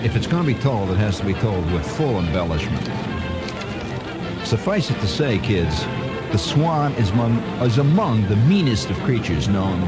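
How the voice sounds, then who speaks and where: Lively, animated male radio storyteller. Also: on the low side. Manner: animated, conversational, chuckling asides. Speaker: radio host. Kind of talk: spontaneous storytelling monologue. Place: radio studio.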